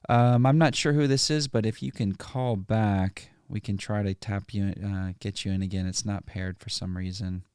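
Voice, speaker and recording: Host: man, low register, smooth and clear, dry close sound, easygoing live-stream chat. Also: fairly even intonation, normal speed, hardly any pauses, darkish tone, no echo. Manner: easygoing, chatty, laughs often. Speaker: livestream host.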